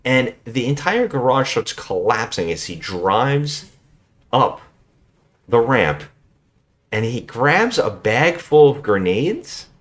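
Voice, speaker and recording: A man co-hosting a podcast, recapping a bad movie in casual chat, animated and swearing freely. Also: mid-range voice, slow. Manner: animated, swearing, acts out scenes in loud put-on voices. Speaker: podcast co-host.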